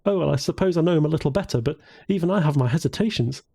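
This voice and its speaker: Man putting on a raised young woman's voice, wry, teasing, mellow, a bit husky, audiobook. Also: a little high, expressive, very fast, pitched above the performer's own voice, exaggerated voice.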